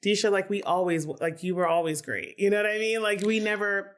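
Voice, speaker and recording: A woman from Philadelphia talks as a podcast guest in a candid, animated way, her sentences full of "like" and quick restarts. Her voice sits at a middle pitch for a woman. The talk is loose and conversational. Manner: candid, animated, heavy use of "like". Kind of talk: casual conversation.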